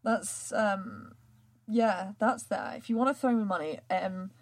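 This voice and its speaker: A woman's voice: mid-range voice, measured pace. A woman, hosting a podcast in casual chat, rambling with many fillers and frequent laughs. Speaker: podcast host and writer.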